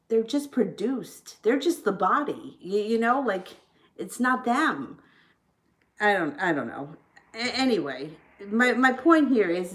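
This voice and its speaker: A woman's voice: mid-range voice, a bit bright. Thirtysomething woman doing tarot on a livestream, rambly and blunt, swears a lot. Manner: rambling, frank, swears freely. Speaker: tarot reader. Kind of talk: casual livestream chat.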